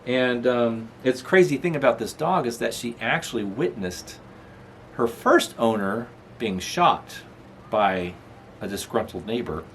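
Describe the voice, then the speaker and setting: A middle-aged man hosts a casual vlog from his apartment room, rambling, chuckling, and baby-talking to his dog. His channel-host voice is medium-pitched and animated at a measured pace, with a little hiss or hum in the recording.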